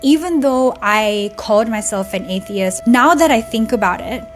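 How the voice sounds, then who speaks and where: A woman's voice: on the high side, animated, moderate pace, faint music behind. A young woman vlogger telling a heartfelt personal story in a casual, conversational way, tearing up at times. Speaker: spiritual vlogger.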